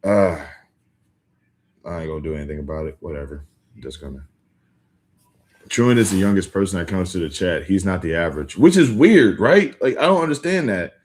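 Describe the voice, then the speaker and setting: A young man chatting casually with viewers on a livestream, rambling with lots of filler words and quick restarts. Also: low-pitched, darkish tone. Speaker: livestream host. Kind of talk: casual live-stream chat with viewers.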